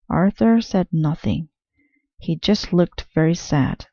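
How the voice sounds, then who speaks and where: A woman reading a children's picture book aloud with slow, careful, clear storytelling. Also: fairly low pitch, mellow, no room sound, lo-fi sound.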